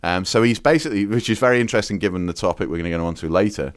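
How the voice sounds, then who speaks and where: A man's voice: on the low side, very fast, dry recording, studio quality. A man from the UK chatting as a podcast guest, telling rambling stories full of fillers and restarts. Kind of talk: casual chat.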